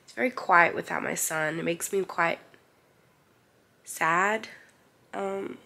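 Tearful young woman, gravelly voice. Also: on the low side, slow pace, sharp tone. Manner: tearful, emotional and candid. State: crying. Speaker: vlogger. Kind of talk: personal vlog confession.

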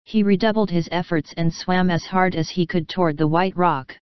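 A woman reading a classic children's story aloud in calm, even audiobook narration. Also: fairly low pitch, normal speed, clear, resonant tone, no echo. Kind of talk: scripted narration. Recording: dull close studio sound.

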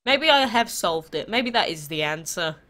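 A congested woman with a stuffy nose from a cold, hosting a mobile game channel in chatty, animated talk full of rhetorical questions. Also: lowish voice, moderate pace. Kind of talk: casual gaming vlog chat.

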